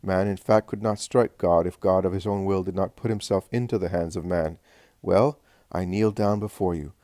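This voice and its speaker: Male reader playing a calm, loving teacher, low and measured, close and dry. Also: dry recording, natural voice. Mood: earnest.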